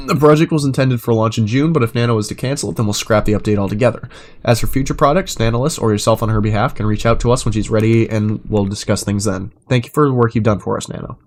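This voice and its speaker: A man reading chat messages aloud in an even, measured way, breaking into loud, sarcastic rants full of swearing. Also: mid-range voice. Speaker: commentator reading chat logs.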